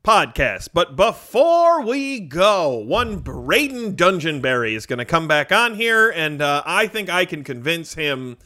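A man's voice: a little high, sing-song, unhurried, few pauses, sharp tone. A man hosting a comedy sports podcast, joking playfully with his co-host. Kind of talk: casual comedic chat.

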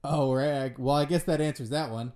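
A man's voice: medium pitch, steady tone, moderate pace, a little mellow. A man interviewing a comedic guest, playing it straight and laughing often.

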